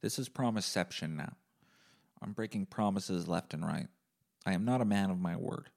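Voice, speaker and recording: A man hosting a solo podcast and rambling in a deadpan comic way, with plenty of swearing. His voice sits fairly low with a rough, gravelly fry running through it. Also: moderate pace. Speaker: podcast host. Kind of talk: casual solo monologue.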